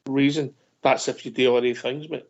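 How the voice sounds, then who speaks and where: A man hosting a football phone-in in casual chat, measured and hesitant, often saying "uh" and "mate". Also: medium pitch, steady tone. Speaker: host. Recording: dull lo-fi stream audio.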